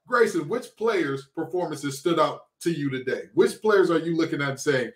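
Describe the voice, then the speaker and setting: Animated high-voiced man, sports podcast. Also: moderate pace, few pauses, reverberant. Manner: animated, preacher-like exhortations, playful trash talk. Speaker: podcast co-host, former college football player. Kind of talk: excited sports podcast talk.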